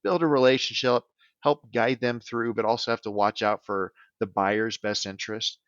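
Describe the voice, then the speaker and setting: A man's voice: medium pitch, fairly even intonation, moderate pace, a bit bright, no echo, lo-fi sound. A man who works as a business transition advisor, answering podcast interview questions in an earnest way and often checking in with "right?".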